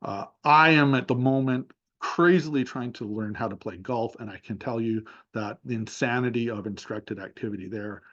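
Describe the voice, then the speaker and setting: A man's voice: medium pitch, moderate pace, few pauses, fairly bright tone, lo-fi sound. A man giving a seminar talk over a video call, thoughtfully narrating a session step by step with many fillers. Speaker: seminar speaker.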